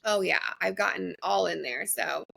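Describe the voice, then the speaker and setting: Gravelly, bright young woman chatting. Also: lowish voice, normal speed. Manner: chatty, laughs while talking. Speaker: podcast co-host. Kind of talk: casual chat.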